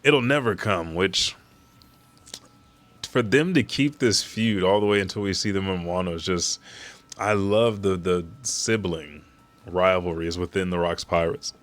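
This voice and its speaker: A man with a deep, low voice reads a comic chapter aloud on a live stream, narrating panels and dropping casual asides. He swears freely and talks like he's hanging out with viewers. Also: unhurried. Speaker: host reading and reacting to a comic chapter. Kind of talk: casual live reaction reading.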